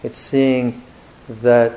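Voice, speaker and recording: A man giving a Buddhist dharma talk in a reflective, gently humorous way, with hesitant restarts. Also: mid-range voice, little pitch movement, very slow, slight background noise, low-quality recording. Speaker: Buddhist monk teacher.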